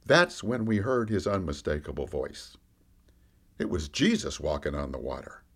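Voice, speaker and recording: Give me a man voicing a candid fisherman disciple telling his story with lively, animated pitch. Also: normal speed, breathy edge, exaggerated voice. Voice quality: lively storyteller, rising and falling with the action. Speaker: podcast storyteller. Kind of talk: first-person character monologue.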